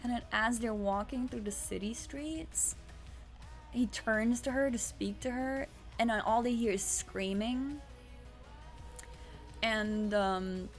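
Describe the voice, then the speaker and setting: A woman's voice: a little high, slow pace, pauses often, faint music behind. A woman streamer casually recapping a story, rambling with restarts and swearing.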